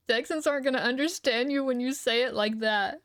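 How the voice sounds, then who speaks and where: A woman's voice: high-pitched, no room sound, studio quality. A young woman streamer chatting casually and loosely, humming and giggling between thoughts while she eats. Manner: relaxed, rambling, hums and giggles often. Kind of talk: casual livestream chat.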